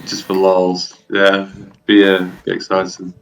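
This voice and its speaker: A man's voice: deep voice, monotone, a little slow, far from the mic. A man playing a tabletop game over an online voice call, chatty and teasing. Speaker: player. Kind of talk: casual chat.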